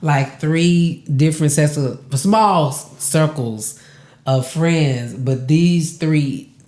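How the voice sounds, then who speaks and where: A man hosts a podcast in a slow, unhurried way, speaking from the heart and fighting back tears. He stresses words by repeating them. His voice rings in an echoey room. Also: on the high side, darkish tone. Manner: emotional, close to tears, laughing through it; casual, repeats words for emphasis. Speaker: podcast host.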